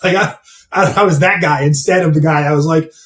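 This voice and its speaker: A man's voice: on the high side, fairly even intonation, a little fast, fairly bright tone. A man who works as a mindset coach and gym owner, talking bluntly and candidly in a casual interview and swearing freely. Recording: roomy, distant mic.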